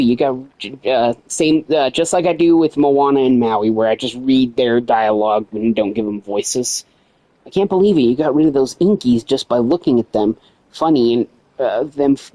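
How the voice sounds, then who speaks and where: A man's voice: medium pitch, moderate pace, dark tone, no room sound, poor audio. A man livestreaming a video game, swearing and joking sarcastically as he reads the game's dialogue aloud in his own voice. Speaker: gaming livestreamer. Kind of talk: casual gameplay commentary.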